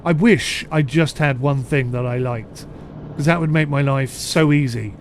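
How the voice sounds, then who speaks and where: A man's voice: medium pitch, a little slow, slight background noise. A man with a mixed southern English accent giving chatty, rambling live commentary over a ship simulator and answering his chat. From United Kingdom. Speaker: streamer.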